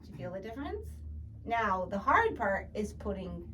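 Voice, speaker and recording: A woman's voice: medium pitch, sing-song, moderate pace, distant mic, highs cut off, crowd noise. A woman coaching a singing student, explaining patiently and encouragingly with plenty of fillers. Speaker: voice teacher. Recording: from across the room, with music behind.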